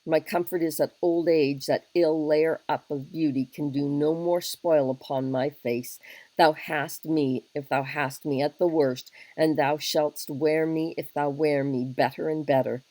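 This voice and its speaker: Brief: a woman voicing a soldierly young king who woos plainly, low voice, dry close sound. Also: fairly even intonation, unhurried, dark tone, no room sound, rough recording. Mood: ardent. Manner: earnest, plain-spoken wooing. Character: young English king, blunt soldierly wooer. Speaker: teacher reading a play aloud. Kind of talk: dramatic reading of a play.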